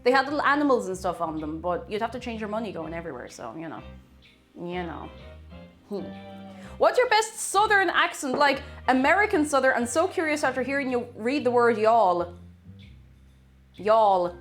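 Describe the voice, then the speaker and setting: A woman's voice: fairly high pitch, sing-song, fairly quick, a bit bright. A young Irish woman chatting casually with viewers, reading chat aloud and thanking them as she bakes. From Ireland. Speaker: streamer. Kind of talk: casual live-stream chat while baking. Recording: faint music behind the voice. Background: faint background music.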